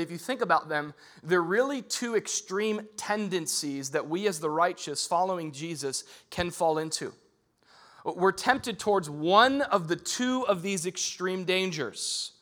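A man preaching a casual, conversational sermon, animated and full of rhetorical questions. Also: on the high side. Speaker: pastor.

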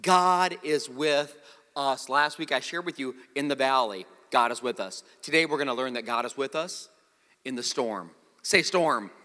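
A high-voiced, bright male pastor preaching a sermon with big swings in pitch. He tells stories with jokes, and his voice rings with long reverb in a large hall. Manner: animated storytelling with jokes.

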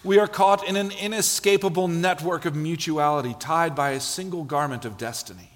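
A man preaching a sermon in a church, telling stories with lively, acted-out quotes. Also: on the high side, fairly quick. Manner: animated storytelling, acts out quotes. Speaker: pastor. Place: church sanctuary. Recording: long hall reverb.

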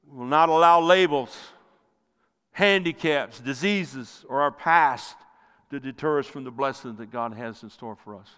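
A male pastor preaching a sermon with passion, rising loud and then dropping to near quiet. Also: clean tone. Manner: impassioned preaching, swells loud then drops low. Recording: long hall reverb.

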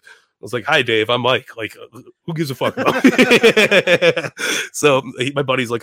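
A man telling a story in a casual chat, animated, swearing freely and acting out other people's lines in raised voices. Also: mid-range voice, a little fast, dry recording, clean studio sound. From Chicago. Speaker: podcast guest.

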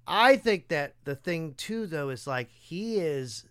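Enthusiastic man, podcast host, higher voice. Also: lively intonation, slow pace, clear, resonant tone. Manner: enthusiastic, affirming, thinking out loud. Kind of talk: casual conversation.

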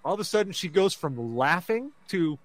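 On a casual podcast, a male co-host with a high-pitched voice dramatically recounts something that happened to him, using plenty of filler words such as "like." He speaks at normal speed with no room sound.

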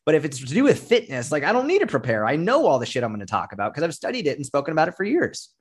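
A man's voice: a little high, wildly swooping pitch, racing, slightly rough. A man speaking as a fitness coach guest in a casual podcast interview, blunt and emphatic, with frequent swearing.

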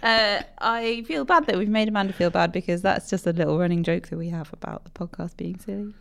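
A woman's voice: on the low side, brisk, creaky. A woman co-hosting a podcast in casual, dry, teasing chat. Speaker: podcast co-host.

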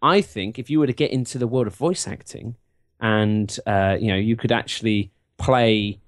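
A man's voice: lowish voice, moderate pace, dry recording, clean studio sound. A man co-hosting a casual podcast chat, full of wry, self-pitying banter. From England. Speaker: podcast co-host.

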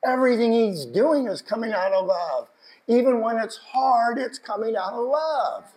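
A man with a high voice preaches with deep feeling, sometimes dropping to a near hush and then rising to fervent shouts. He pleads, questions the congregation and leans into the words with emotion. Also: expressive, normal speed, low-quality recording. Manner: passionate, building from hushed to shouting. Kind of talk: sermon.

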